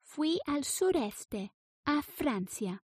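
A woman's voice: high voice, sing-song, takes it slowly, darkish tone, no echo, clean studio sound, pitched above the performer's own voice, exaggerated voice. A woman voicing an adventurous young male duck explorer in a children's storybook reading. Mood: eager.

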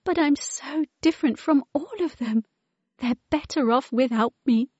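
A woman voicing a big, clumsy young female whale who speaks in a high, weepy voice. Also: unhurried, a little mellow, no room sound, muffled recording. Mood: tearful.

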